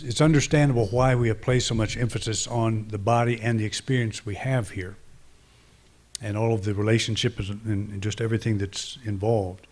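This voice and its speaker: A man's voice: mid-range voice, a little mellow. A man, a minister, preaching a conversational, reflective sermon with frequent restarts and fillers.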